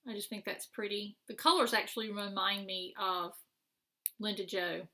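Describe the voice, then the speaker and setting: Middle-aged woman, bright clear voice, chatty show-and-tell, rambling with fillers. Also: mid-range voice, fairly even intonation, moderate pace. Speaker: craft vlogger. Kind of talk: casual show-and-tell chat.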